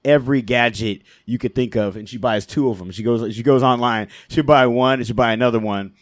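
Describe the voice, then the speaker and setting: A man's voice: medium pitch, a little fast, dry recording. Laid-back man telling stories, dry sound. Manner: laughs often, loose with lots of "you know" and "like". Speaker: podcast guest, DJ. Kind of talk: casual storytelling interview.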